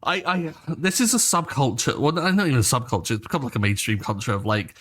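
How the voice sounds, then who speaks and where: A man co-hosting a podcast, explaining things in relaxed, wry casual chat. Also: mid-range voice, fast talker. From England. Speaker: podcast co-host.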